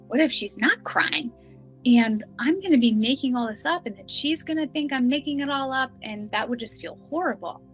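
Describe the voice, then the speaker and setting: A middle-aged woman telling a personal story earnestly, some lines hushed and some bright. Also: mid-range voice, low-quality recording. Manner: earnest, emotional, shifts between hushed and bright. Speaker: guest telling her experience.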